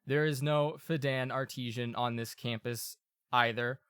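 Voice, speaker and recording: A man voicing a tall clockwork golem who speaks slowly, formally and politely in a tabletop game. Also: medium pitch, fairly even intonation, fairly bright tone, smooth, no echo, clean studio sound, close to an everyday voice. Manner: slow, measured and courteous.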